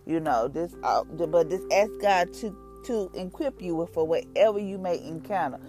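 A woman's voice: lowish voice, normal speed, faint music behind. Folksy woman sharing a devotional. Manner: conversational, folksy, animated retelling. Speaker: devotional podcast host. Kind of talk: casual devotional talk.

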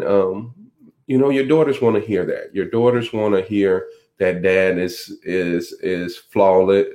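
A man with a very low voice speaks slowly and unhurriedly. He is a podcast host sharing faith-based reflections. He talks in a folksy, preacherly way, full of ums and restarts. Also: darkish tone. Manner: slow, folksy, preacherly with many fillers.

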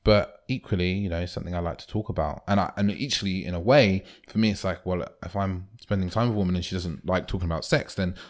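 A man's voice: low voice, fast talker, few pauses. A man co-hosting a podcast, chatting casually and acting out quoted lines. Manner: animated, acts out quoted lines. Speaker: podcast co-host.

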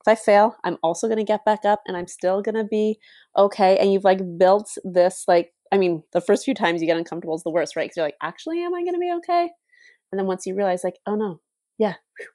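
Mellow-voiced woman in dry chat. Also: medium pitch, fairly even intonation, a little fast, no echo. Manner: enthusiastic, rambling, many "like"s. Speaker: podcast co-host. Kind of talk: casual podcast chat.

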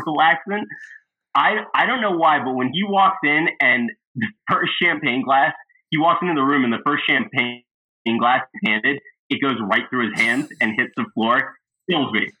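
A man hosting a casual movie review chat, gushing and laughing as he retells favorite scenes. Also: medium pitch. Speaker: podcast host. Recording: thin phone-like sound.

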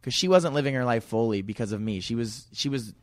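A man of middling pitch speaks candidly as a podcast guest, rambling and restarting his sentences as he goes. The sound is dry and close, with no room echo. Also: expressive, fast. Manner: candid, rambling, repeats words and restarts often. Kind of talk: casual podcast conversation.

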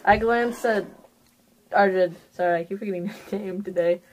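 A young woman playing a tabletop role-play game, narrating her character's actions in a hesitant, halting way. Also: medium pitch, a little mellow, a little hiss or hum. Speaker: player.

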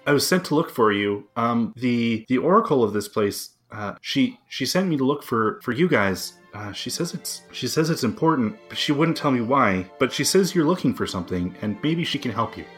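A man's voice: mid-range voice, lively intonation, moderate pace, few pauses, fairly bright tone, soft background music, pitched above the performer's own voice, close to an everyday voice. A man voicing a frazzled, nervous teenage male lizard folk messenger who stammers in a panic. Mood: eager.

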